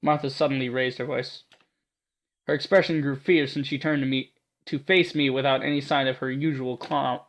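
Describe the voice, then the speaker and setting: A man's voice: medium pitch, steady tone, normal speed. A man narrating a visual novel on his gaming channel, stumbling over lines and joking at himself. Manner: self-mocking, stumbling over reading. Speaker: gaming YouTuber. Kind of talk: let's play narration and commentary.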